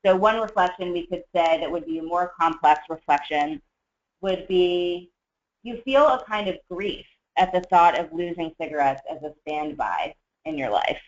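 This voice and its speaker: A trainer teaching a skills webinar in a measured, explanatory way, with frequent fillers. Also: mid-range voice. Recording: dull lo-fi webinar audio.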